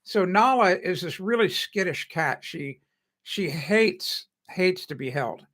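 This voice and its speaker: Bright-voiced chatty man hosting a live stream. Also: high-pitched, lively intonation, takes it slowly. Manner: rambling, chatty, laughs often, self-correcting. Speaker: home improvement show host. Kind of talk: casual live stream chat.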